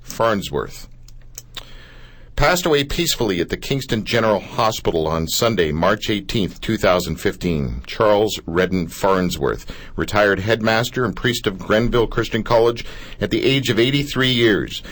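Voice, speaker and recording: Lower-voiced radio host. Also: male voice, moderate pace. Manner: animated, stumbling restarts. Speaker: radio talk show host. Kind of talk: live radio interview. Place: radio studio.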